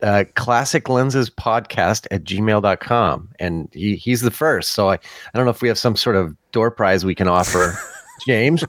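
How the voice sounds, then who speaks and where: A podcast co-host with a medium-pitched male voice, recorded without echo, casually reads out listener comments. He's easygoing and hesitant, dropping plenty of uhs and ums and little chuckles along the way.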